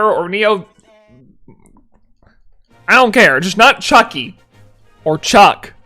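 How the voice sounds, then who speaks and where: A young man with a high, bright voice talks casually on a live stream in a playful, mock-annoyed way. He reads chat messages aloud and answers them. Faint music plays softly underneath. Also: animated, slow pace, long pauses.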